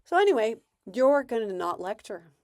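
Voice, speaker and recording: A woman's voice: a little high, sing-song, normal speed, darkish tone, no room sound, studio quality. A woman parenting coach giving casual advice in a conversational way, acting out bits of parent and child dialogue.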